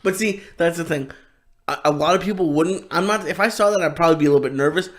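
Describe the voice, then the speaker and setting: Podcast sidekick guy, voice on the high side, chimes in quick. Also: a bit bright. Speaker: podcast co-host. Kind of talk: casual chat.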